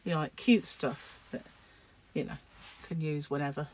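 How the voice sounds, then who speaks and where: Low-voiced and sleep-deprived, this woman rambles casually to the camera in a home vlog at a moderate pace, her intonation fairly even. Her chatty talk is packed with fillers and restarts.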